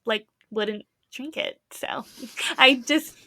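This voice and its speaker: A young woman with a high voice co-hosts a casual podcast, telling her stories with drama and plenty of swearing. She acts out what others said as she goes. The sound is dry and close to the mic. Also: takes it slowly, pushed and bright, dry recording. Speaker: podcast co-host. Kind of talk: casual chat.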